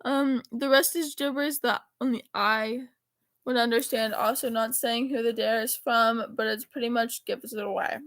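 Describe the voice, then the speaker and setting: High-pitched teen girl reading texts. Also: moderate pace, no room sound. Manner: animated, rambling, swears casually. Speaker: vlogger reading her text messages aloud. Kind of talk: casual chat reading out texts.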